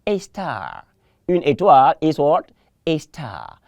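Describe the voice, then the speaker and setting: A woman teaching French on a televised lesson, patiently repeating each word for learners to echo and gently correcting mistakes. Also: sits low, huge pitch swings, takes it slowly, muffled recording. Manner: encouraging, gently corrects mispronunciations.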